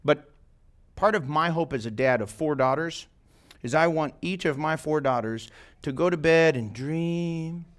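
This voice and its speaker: A pastor with a fairly high voice gives a relaxed, conversational sermon. He keeps checking in with his small audience by asking them questions. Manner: conversational, asks the listeners questions often. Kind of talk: informal sermon to a small group. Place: church meeting room, live-streamed.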